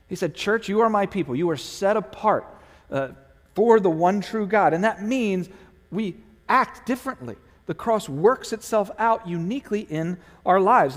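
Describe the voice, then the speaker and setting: Animated preacher in a reverberant hall. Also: male voice, sits high. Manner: animated storyteller, acts out quoted voices. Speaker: pastor. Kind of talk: sermon with storytelling.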